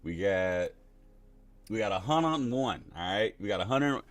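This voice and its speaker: A man's voice: on the low side, lively intonation, a little slow. A man hosting a live crypto stream in a casual, playful, slangy way, laughing often.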